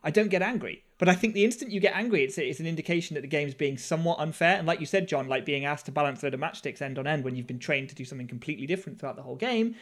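High-voiced rambling man. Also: lively intonation, rapid-fire, few pauses, fairly bright tone. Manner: rambling, self-deprecating, with frequent fillers. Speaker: podcast co-host. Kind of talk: casual chat.

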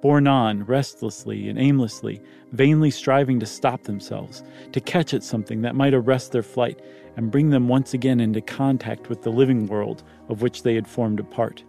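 A man's voice: medium pitch, steady tone, normal speed, vocal fry, mellow, soft background music. A man reading a ghost story aloud, stopping now and then for joking comments. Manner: reads plainly, breaks off to joke and comment. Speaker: story reader. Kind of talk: casual storytelling with banter.

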